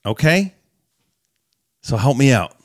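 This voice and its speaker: A man hosting a podcast, telling stories with animated, joking energy and closing with a playful sign-off. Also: mid-range voice, takes it slowly. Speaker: podcast host. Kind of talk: casual podcast chat and sign-off.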